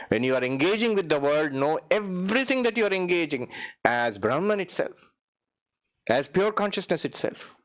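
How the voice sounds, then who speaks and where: A man, a monk giving a spiritual retreat talk in a meditation hall, animated, swinging his pitch high and low, chuckling and chanting Sanskrit verses.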